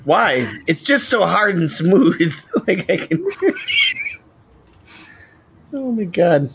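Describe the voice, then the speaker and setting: A man's voice: sits high, extremely slow, slight background noise. A man co-hosting a casual podcast chat, joking and swearing with friends. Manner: animated, joking, swearing, laughing often. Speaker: podcast co-host.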